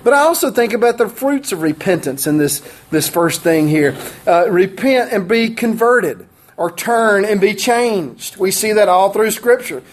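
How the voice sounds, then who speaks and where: A man preaching a sermon as pastor, animated and emphatic, with laughing asides and repeated phrases. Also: high-pitched, unhurried.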